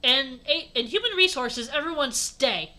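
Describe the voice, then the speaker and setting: A shrieking, melodramatic goth teen witch girl, put on by a woman reading aloud. The voice leaps high and bright, every line flung out in over-the-top gasps and cries. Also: expressive, a little slow, exaggerated voice. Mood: shrill dramatic.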